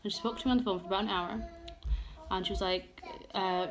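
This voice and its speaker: Young mum chatting openly at home. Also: female voice, mid-range voice, fairly even intonation, fast. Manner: open, emotional, rambling with many fillers. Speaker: vlogger. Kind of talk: candid get-ready-with-me chat. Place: home room with children around. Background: noisy household.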